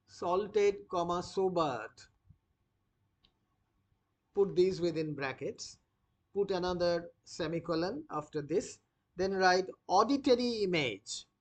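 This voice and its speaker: Slow, dictating teacher. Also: mid-range voice. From India. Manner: dictates slowly, repeats phrases and spells words letter by letter; frequent "uh" fillers when explaining. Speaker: English literature teacher. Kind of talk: dictated lesson.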